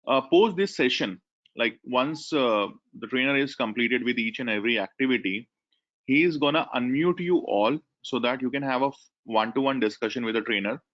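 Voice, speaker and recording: A man's voice: medium pitch, a bit bright. A man with an Indian English accent who coordinates an online class, explaining the controls and thanking attendees by name. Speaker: webinar coordinator. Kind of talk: online class host instructions. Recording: dull lo-fi webinar audio.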